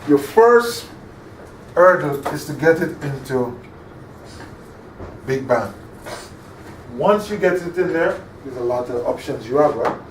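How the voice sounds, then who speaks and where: A man's voice: a little high, animated, takes it slowly, long pauses. Man lecturing in an echoey room. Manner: interactive, quizzes the audience, keeps checking in. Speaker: instructor. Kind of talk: classroom lecture. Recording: echoey room, distant mic, faint hum.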